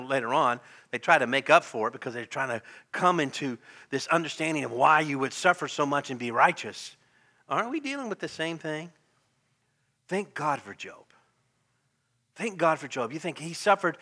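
Animated, bright-voiced male pastor preaching. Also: a little high. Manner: animated, laughing often, swings from loud exclamations to quiet hushed lines. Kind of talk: sermon.

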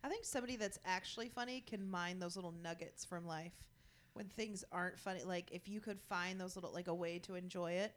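A woman in casual podcast chat who teases the others with quick remarks. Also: on the low side.

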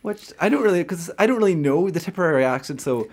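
A man's voice: fairly high pitch, expressive, fast. A man hosting a casual chat, upbeat and quizzing his guest. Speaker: podcast host.

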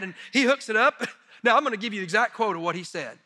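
Middle-aged guy preaching, telling homey stories with jokes on himself, high bright voice, big echoey church. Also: fast talker. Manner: folksy, animated storytelling with self-deprecating humor. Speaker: missionary preacher. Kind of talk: sermon storytelling. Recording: long reverb of a large hall.

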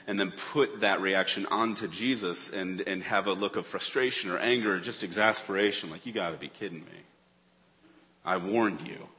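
A man preaching a sermon in a church, earnest, swinging between urgent emphasis and hushed tones. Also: on the low side. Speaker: pastor. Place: church sanctuary. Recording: long reverb of a church hall.

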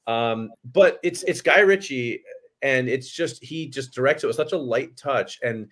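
A man co-hosting a casual movie podcast with a bright, forward voice. He stammers and leans on ums and likes as he talks. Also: mid-range voice, measured pace. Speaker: podcast co-host. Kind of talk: casual chat.

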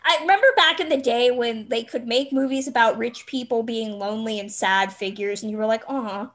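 A woman's voice: a little high, brisk, fairly bright tone. A woman co-hosting a casual film podcast, chatty and rambling with lots of fillers. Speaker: podcast co-host.

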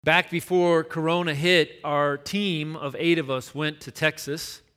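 A man's voice: fairly high pitch, steady tone, a little slow, fairly bright tone, smooth. A man, a pastor, preaching a sermon in a conversational storytelling way, repeating words for emphasis.

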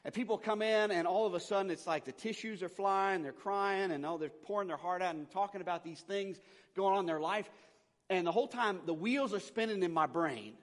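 A man, a pastor, preaching a conversational sermon that swings between loud emphasis and quiet, intimate asides. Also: sits high, fairly quick. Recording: long hall reverb.

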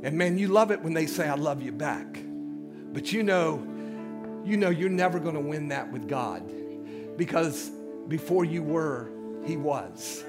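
A man's voice: a little high, expressive, unhurried, music in the background. A man preaching a sermon as pastor in a church, emphatic, calling out to his congregation. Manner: emphatic call-and-response preaching. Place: church sanctuary.

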